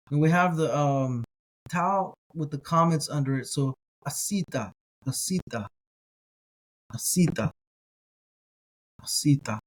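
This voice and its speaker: A man leads a slow Hebrew reading lesson. His pace is unhurried and deliberate, and he sounds out each word several times. He stops to correct his own slips. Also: mid-range voice. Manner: careful, self-correcting. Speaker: teacher.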